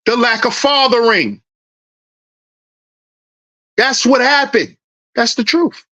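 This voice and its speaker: On his commentary channel, a man delivers a heated, preachy monologue and acts out confrontations in a dad's voice. His voice is very high-pitched and expressive, slow-paced, bright, and forceful.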